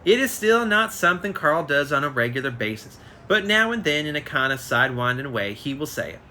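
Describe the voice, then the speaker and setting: This man reads a biography on a relaxed live stream, frequently tripping over words and correcting himself. His voice sits on the high side, swings widely in pitch, and is brisk and sharp; the phone mic catches slight background noise.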